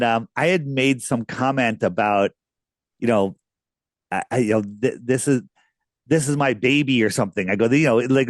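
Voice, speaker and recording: A man's voice: medium pitch, dry recording. A man who is a radio guest, telling stories in a casual, rambling way with many restarts. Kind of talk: casual interview storytelling.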